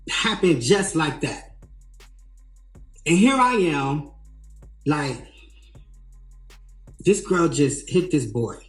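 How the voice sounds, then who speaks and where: Guy telling a story all animated, bit high voice, faint music behind. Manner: re-enacts quoted dialogue with emphatic rises. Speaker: tour manager. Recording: roomy echo, faint music.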